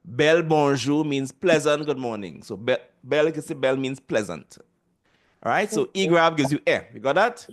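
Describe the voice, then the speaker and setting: This is online class instruction: a Trinidadian-accented man leads a language lesson by video call, patiently saying sounds again for students to repeat. He speaks on the high side, animated, at a moderate speed.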